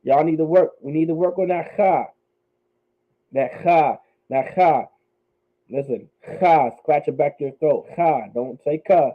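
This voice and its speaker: A man teaches a class, carefully sounding out each word and repeating phrases slowly so the students can follow. His voice sits a little high for a man. The sound is thin and narrow, as if it comes through a phone line. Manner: drills words slowly and repeats them for the class. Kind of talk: teaching Hebrew pronunciation.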